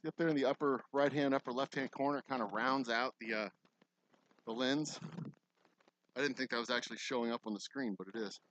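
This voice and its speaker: A man's voice: mid-range voice, steady tone, fairly quick, fairly bright tone, a little hiss or hum, rough recording. A man with a Texan accent, casually talking viewers through a framing job on a construction site, thinking aloud with self-deprecating asides. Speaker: distillery owner vlogging construction. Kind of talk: casual vlog while working. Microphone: camera mic, moving around off camera.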